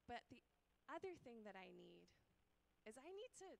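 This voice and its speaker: A woman's voice: a little high, sing-song, normal speed, creaky, rough recording. Earnest conversational woman preacher. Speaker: guest preacher. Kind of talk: sermon. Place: church.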